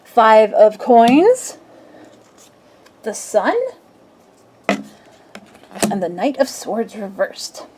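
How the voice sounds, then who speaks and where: A woman's voice: on the high side, lively intonation, very slow, long pauses, a little mellow, a little hiss or hum. Woman, young adult, tarot reader, casual chatty reading, playful. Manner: chatty, playful, acts out little scenes.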